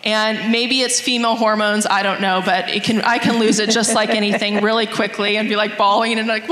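A woman's voice: mid-range voice, little pitch movement, a little fast, few pauses, a bit bright. Earnest mother in an echoey church hall. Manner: earnest, reflective, reads scripture aloud. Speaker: mother sharing a testimony. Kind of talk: church testimony talk. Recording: echoey hall, long reverb.

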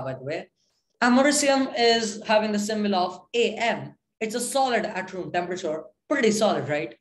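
A woman narrating a casual science lesson, listing facts in a chatty, playful way with quick asides. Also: medium pitch. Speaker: educational channel presenter. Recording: roomy echo.

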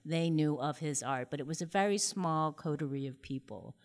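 A woman's voice: deep voice, moderate pace. A woman hosting an art lecture Q&A, chatty and hesitant with many fillers and restarts. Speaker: museum lecture host. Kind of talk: Q&A discussion after a lecture.

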